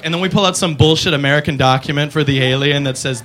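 High-voiced bright stand-up comedian. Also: male voice, quick pace. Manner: animated, jumps into high-pitched character voices.

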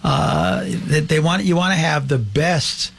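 A man hosting a talk show, speaking haltingly with many fillers and restarts. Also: on the high side, animated, gravelly, fairly bright tone, slightly rough. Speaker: host.

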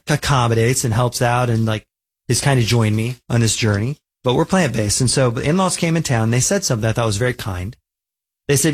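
A man's voice: mid-range voice, husky. A man hosting a weekend radio show, telling a personal story in a chatty, conversational way. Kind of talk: casual radio talk.

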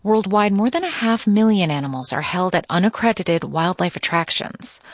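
A woman news reporter delivering a scripted radio report in a crisp, even manner. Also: medium pitch, moderate pace, dry recording, studio quality.

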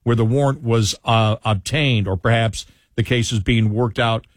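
A man's voice: mid-range voice, normal speed, dry recording. Radio host man, dry studio sound. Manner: rambling, restarts, reads a column aloud. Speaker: radio talk show host. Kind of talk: casual talk radio banter and commentary. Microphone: studio headphones and mic.

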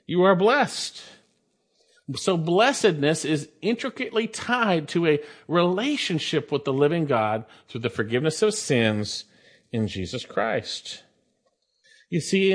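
A man preaching a sermon, reading scripture and stressing points through repetition. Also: on the high side. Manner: emphatic, repeats phrases for stress.

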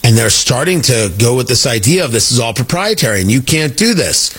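A middle-aged man hosting a talk radio show, animated and jokey, wandering off on tangents. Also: mid-range voice, a little fast, husky. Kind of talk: opinionated talk radio monologue.

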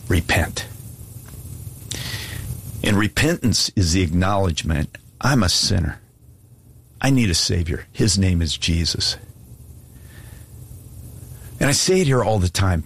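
A man's voice: lowish voice, sing-song, slow pace, creaky, long pauses, breathy edge. A man preaching an earnest, pleading sermon and asking listeners to give their lives to Jesus. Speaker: pastor. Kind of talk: sermon altar call.

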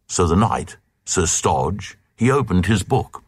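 A man's voice: lowish voice, takes it slowly, hardly any pauses, no room sound, studio quality. A man reading a comic narrative poem aloud in a rhythmic, sing-song recitation.

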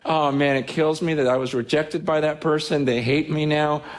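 A man preaching a sermon as a pastor, casual and animated, acting out quotes and restarting his sentences often. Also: a little high, moderate pace. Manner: conversational, animated, with many restarts and acted-out quotes.

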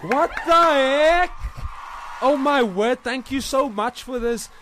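A man's voice: extremely high pitch, a little slow, heavy background noise, voice pushed up. A man playing a gushing female pop star who becomes a genie. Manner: breathless, over-the-top gushing.

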